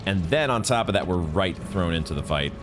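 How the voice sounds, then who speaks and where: A man playing a video game and commenting as he goes, swearing often and jumping up into high, angry yelling when things go wrong. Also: animated, brisk, over music. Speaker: gaming streamer. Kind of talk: live gameplay commentary.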